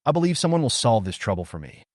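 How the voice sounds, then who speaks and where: A man voicing a calm, self-assured young man in a comic story. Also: medium pitch, fast talker, dry recording, clean studio sound, close to an everyday voice.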